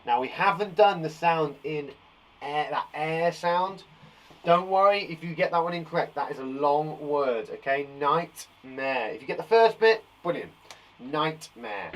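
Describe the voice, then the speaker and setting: A man's voice: a little high, normal speed. A man teaching a phonics lesson to young children online, upbeat and playful, joking and praising often. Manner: upbeat and playful, sings and jokes.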